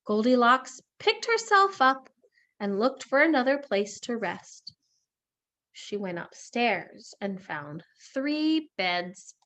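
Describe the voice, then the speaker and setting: Woman, teacher, story read aloud, animated intonation, slow, expressive. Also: a little high. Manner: expressive storytelling, asks the listener questions. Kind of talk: reading a story aloud in a lesson.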